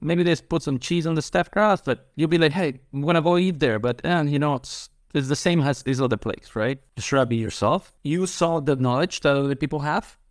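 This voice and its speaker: A man's voice: a little high, brisk, hardly any pauses, no room sound, clean studio sound. A man who is a pizza chef, answering interview questions in an eager, rambling way with phrasing.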